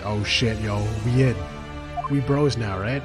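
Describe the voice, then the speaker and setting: A man voicing the characters of a courtroom game aloud and breaking off into joking, swearing asides, with loud music behind him. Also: mid-range voice, unhurried.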